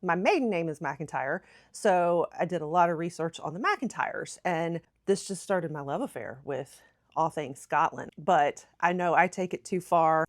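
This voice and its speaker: An American woman talking to camera as a travel vlogger, bubbly and chatty, laughing at herself now and then. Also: fairly low pitch. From United States. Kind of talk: casual chat to camera.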